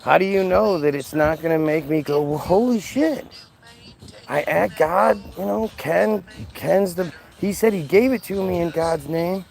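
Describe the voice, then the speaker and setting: A man's voice: a little high, normal speed, creaky, a little mellow, rough recording. A man hosting a livestream, talking casually in a sarcastic, mocking, profane way. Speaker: livestream host reading chat.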